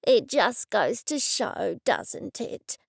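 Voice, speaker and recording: A woman voicing a vague, rambling elderly man in his eighties in a storybook reading, speaking slowly and softly. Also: on the high side, expressive, gravelly, breathy edge, dry recording, clean studio sound, full character voice. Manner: slow, soft, rambling.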